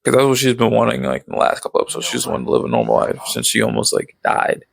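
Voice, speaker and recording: A man giving a casual, excited recap of a show, rambling with plenty of fillers and sound-effect words. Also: lowish voice, fast talker, vocal fry, rough recording. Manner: rambling, filler-heavy, leans on "basically" and "like".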